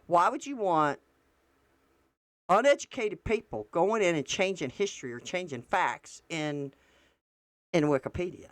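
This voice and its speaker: A woman's voice: on the low side, lively intonation, a little slow, long pauses, no echo. A woman, doing casual political commentary and reacting to posts on screen in a blunt, profane way.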